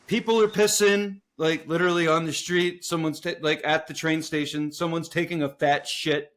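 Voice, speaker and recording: A man with a slightly raised voice tells a rambling, swearing story for a podcast. He is animated and quick to laugh, and his voice jumps up when he acts out the other people in the story. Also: on the high side. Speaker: podcast co-host. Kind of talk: casual storytelling chat.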